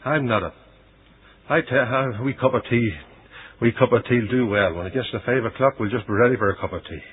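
A man preaching a sermon, voicing scripture dramatically and swinging from loud declarations to hushed asides. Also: mid-range voice, a little fast, breathy edge. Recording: dull lo-fi radio recording.

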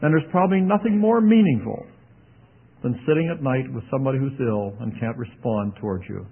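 A man's voice: mid-range voice, lively intonation, a little fast, vocal fry, breathy edge. A man preaching a sermon in a folksy, emphatic way, with wry asides. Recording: tinny narrow-band radio broadcast.

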